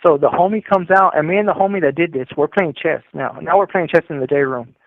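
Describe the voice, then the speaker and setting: A man's voice: a little high, fast, no echo. Man on a tinny phone line. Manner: street slang, rambling with fillers. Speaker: caller telling his prison story. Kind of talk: casual storytelling over the phone.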